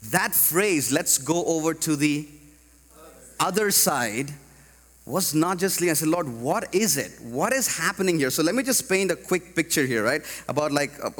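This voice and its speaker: A man from India preaching a sermon to a congregation, animated and rising to loud emphatic peaks. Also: a little high, normal speed, husky, in a large hall. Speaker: pastor. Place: large church hall.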